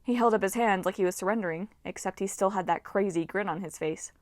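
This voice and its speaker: Expressive woman reading a storybook. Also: mid-range voice, a little fast, hardly any pauses, no room sound, studio quality. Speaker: audiobook reader. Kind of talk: storybook narration.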